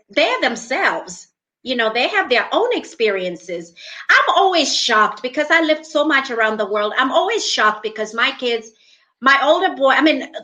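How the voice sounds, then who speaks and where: A woman's voice: on the high side, pushed and bright, poor audio. A middle-aged woman co-hosting a podcast, chatty and effusive in casual conversation. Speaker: podcast co-host.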